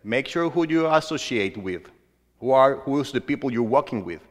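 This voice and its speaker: A man preaching a sermon as a pastor, who moves between hushed storytelling and loud, emphatic exhortation. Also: medium pitch, lively intonation, moderate pace. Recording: long reverb of a large hall.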